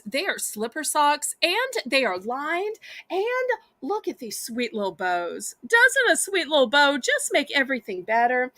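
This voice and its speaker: A woman's voice: high voice, sharp tone, no room sound. A woman with a Southern US accent hosting a live home-shopping auction, chatty and sweet, calling the viewers y'all.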